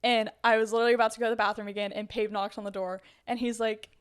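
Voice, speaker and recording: A woman's voice: fairly high pitch, little pitch movement, rapid-fire, clean tone. A young woman co-hosting a podcast, telling a story in casual chat, full of "like" fillers. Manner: chatty storytelling with many fillers. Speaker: podcast co-host.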